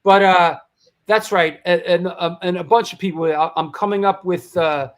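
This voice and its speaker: A man's voice: sits high, fairly even intonation, moderate pace. A man hosting a live talk show, reading sponsor plugs and event listings in a loose, hyped way with frequent restarts. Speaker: show host. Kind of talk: livestream talk show chat.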